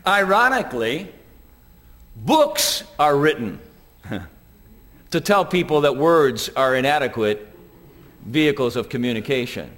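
A man's voice: medium pitch, lively intonation, takes it slowly, long pauses, fairly bright tone. A man preaching a sermon to a congregation, telling stories and acting out quoted voices. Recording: long hall reverb.

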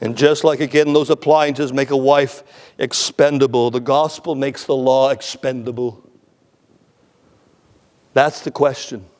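A man's voice: medium pitch, fairly even intonation, unhurried, pauses often, a little mellow, big-room sound. A man preaching an expository sermon, emphatic, repeating words for stress and often stammering on the first word.

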